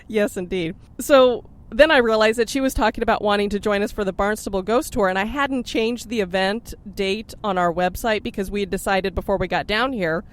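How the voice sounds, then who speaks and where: A woman's voice: medium pitch, a little fast, few pauses. A woman co-hosting a podcast, telling stories in a chatty, self-deprecating way. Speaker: podcast co-host. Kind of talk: casual chat.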